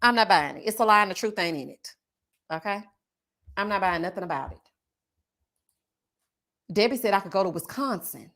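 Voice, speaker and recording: A woman hosting a casual reality TV recap livestream. She talks straight to her viewers, reads their chat aloud, and bursts into loud laughs. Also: mid-range voice, expressive, normal speed, pauses often.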